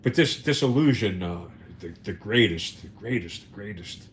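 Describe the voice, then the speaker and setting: A man's voice: on the low side, lively intonation, moderate pace, slight background noise. A man on a livestream telling a story in a casual monologue, cursing often, repeating words and acting out what people said. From United States. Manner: profane, emphatic, repeats words, acts out quotes. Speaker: livestream host.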